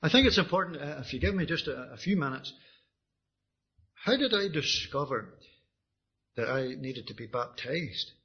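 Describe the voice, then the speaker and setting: Man, Northern Irish accent, husky voice, slightly high pitch, earnest testimony, dull lo-fi recording. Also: animated, normal speed, pauses often. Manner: earnest, with frequent restarts and repetitions. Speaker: preacher giving his testimony. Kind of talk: personal testimony sermon.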